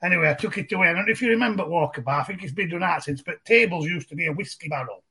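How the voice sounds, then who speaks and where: A man's voice: on the high side, very fast, bright, forceful tone, husky. A middle-aged man with a broad Barnsley Yorkshire accent, telling his story as a podcast guest in a chatty, rambling way. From England. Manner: broad, chatty, repeats and restarts phrases. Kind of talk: casual storytelling conversation.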